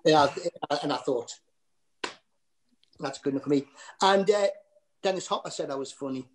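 A man with a Geordie accent, a comedian chatting as a podcast guest, rambling and laughing at himself. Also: fairly high pitch. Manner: rambling, restarts and fillers, quick to laugh at himself. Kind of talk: anecdotal podcast chat.

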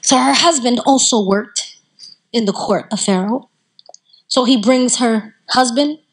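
Animated husky-voiced Southern woman lecturer. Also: a little high, measured pace, rough recording. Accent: Southern American. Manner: animated, conversational, draws the audience in. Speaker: Islamic lecturer. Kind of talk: storytelling sermon to a live audience. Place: community center talk.

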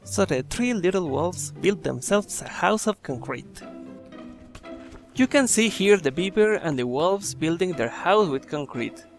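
A man's voice: high-pitched, expressive, unhurried, soft background music. A man reading a children's horror story aloud, breaking off for chatty, joking asides to the listeners.

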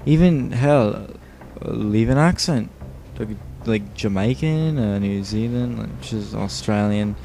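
A man's voice: on the low side, unhurried, vocal fry, hardly any pauses, mellow, a little hiss or hum. A tired man giving casual, rambling commentary over a video game, joking and swearing often. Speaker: let's play host.

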